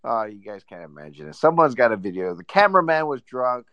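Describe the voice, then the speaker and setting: A man's voice: medium pitch, fairly quick, gravelly, smooth, no room sound, highs cut off. A man hosting a casual chat, telling a story with lots of laughter. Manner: animated storyteller, laughs often.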